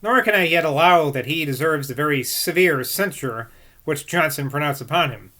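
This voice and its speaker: Reading aloud from a classic text, this man breaks off now and then to reflect and doubt himself. His voice is on the high side, bright and pushed, at a normal pace.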